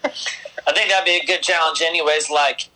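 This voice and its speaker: A man's voice: a little high, steady tone, a little fast, pushed and bright, rough recording. A man co-hosting a casual podcast, joking and rambling. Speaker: podcast co-host.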